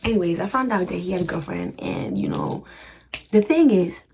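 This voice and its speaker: A woman's voice: on the low side, wildly swooping pitch, moderate pace, gravelly, darkish tone, a little hiss or hum. A young woman vlogger answering viewer questions in a chatty, slangy, laughing style. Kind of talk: casual Q&A chat.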